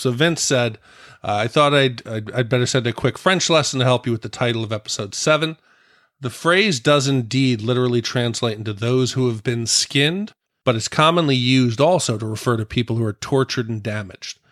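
Relaxed man chatting on a podcast. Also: mid-range voice, no echo, clean studio sound. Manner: relaxed, rambling talk with fillers. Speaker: podcast co-host. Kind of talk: casual podcast discussion.

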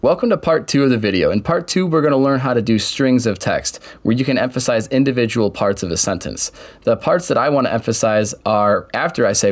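A young man casually walking through software steps in a screen-recorded tutorial, with keyboard typing behind him. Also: mid-range voice, expressive, fairly quick. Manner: step-by-step, casual explaining. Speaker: tutorial host.

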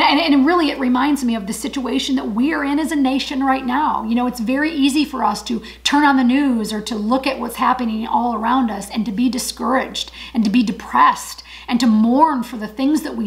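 A woman's voice: a little high, low-quality recording. Earnest woman teaching a Bible study. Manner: earnest, emphatic, repeats key phrases. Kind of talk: encouraging Bible study talk to camera.

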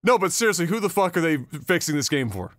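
Wry co-host with a lively, dry voice. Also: medium pitch, fast talker, dry recording. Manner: wry, teasing interjections. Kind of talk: casual chat.

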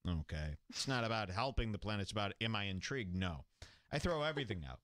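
Male comedy host: sarcastic, jokey, bright tone, dry close sound. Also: on the low side, expressive, quick pace, no room sound. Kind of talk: mocking commentary over a clip.

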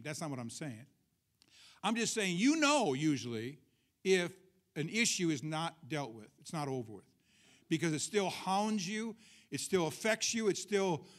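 A man's voice: on the high side, a bit bright. A male pastor giving a conversational sermon at a church service, asking the congregation questions and tossing in joking asides.

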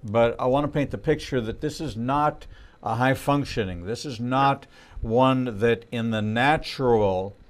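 Slow, deliberate male interview host. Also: mid-range voice. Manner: deliberate, measured explaining. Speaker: rabbi host.

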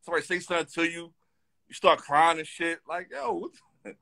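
A man's voice: fairly high pitch, a little fast, creaky, pushed and bright. A man as a guest in a casual chat, reminiscing in a laid-back, slangy way.

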